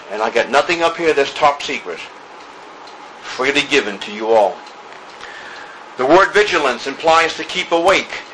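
Male preacher, bright forceful tone, emphatic repetitions, church sermon delivery. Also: a little high, slight background noise, low-quality recording. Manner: emphatic preaching with repeated phrases and drawn-out words. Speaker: pastor. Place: church during a service.

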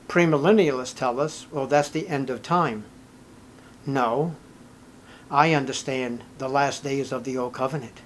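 A man's voice: mid-range voice, unhurried. An older man preaching a sermon, reading scripture aloud and commenting with growing emotion. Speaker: pastor.

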